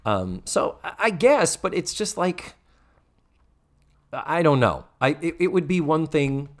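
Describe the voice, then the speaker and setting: A man's voice: a little high, very animated, measured pace. A man co-hosting a podcast, chatting casually as he recaps a sitcom episode and acts out the characters in exaggerated voices. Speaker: podcast co-host.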